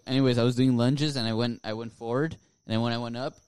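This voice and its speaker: A man's voice: mid-range voice, fairly even intonation, quick pace, darkish tone, clear, resonant tone, dry recording. A young man co-hosting a podcast, telling rambling anecdotes with fillers in casual chat. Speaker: podcast co-host.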